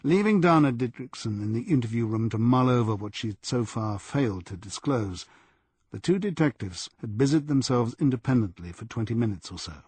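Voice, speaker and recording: A man narrating a crime audiobook in a measured, even storytelling manner. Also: mid-range voice, slightly rough, no echo. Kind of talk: scripted narration.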